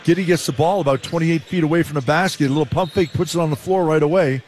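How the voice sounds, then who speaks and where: A Canadian former player, now a male color commentator, who breaks down basketball plays in a relaxed, explanatory way. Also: fairly high pitch, fast talker, slight background noise. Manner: relaxed, explanatory, with frequent "uh" and restarts.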